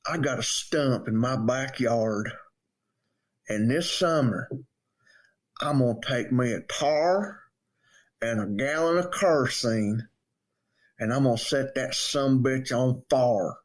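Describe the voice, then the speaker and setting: A man imitating a crude, gruff older coworker in a slow, blunt, profane drawl. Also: mid-range voice, pitched below the performer's own voice. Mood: defiant.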